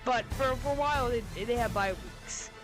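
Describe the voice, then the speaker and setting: A woman's voice: a little high, moderate pace, over music. Rambling young woman vlogger with a headset mic. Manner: rambling, self-interrupting, jokey asides. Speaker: sports predictions vlogger. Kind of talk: casual chat with mock phone call and bits. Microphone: headset or headphone mic.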